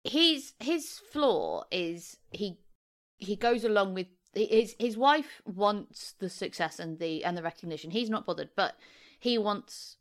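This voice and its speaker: A woman co-hosts a relaxed podcast chat at a middling pitch for a woman. She explains a story patiently, sounding chatty and easygoing. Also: unhurried. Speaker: podcast co-host. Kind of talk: casual chat.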